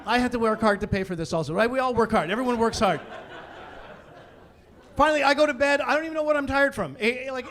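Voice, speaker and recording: A middle-aged man from Canada performing a stand-up comedy set, animated, with loud bursts of exasperation as he acts out other people. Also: high voice.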